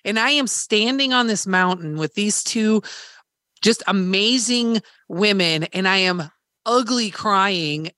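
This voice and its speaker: A woman's voice: mid-range voice, slow pace, bright, forceful tone, no echo, clean studio sound. A woman hosting a podcast, candidly retelling a hard experience in casual chat, swearing freely and acting out quoted dialogue. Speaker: podcast host.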